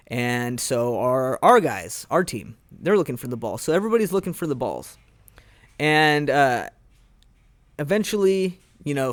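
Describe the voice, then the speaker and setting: Rambling, excitable man recapping an anime. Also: medium pitch, smooth, no echo. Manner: rambling and excitable, heavy use of filler words. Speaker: podcast host reviewing anime. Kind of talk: casual chat.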